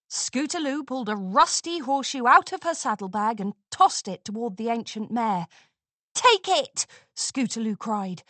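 Slow, lively woman narrator. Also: mid-range voice, dry recording. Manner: expressive, unhurried reading. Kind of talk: storybook narration.

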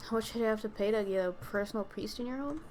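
A woman's voice: mid-range voice, fast, darkish tone, faint music behind. A woman chatting casually with a friend while playing a game, playful and slangy. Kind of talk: casual gaming chat.

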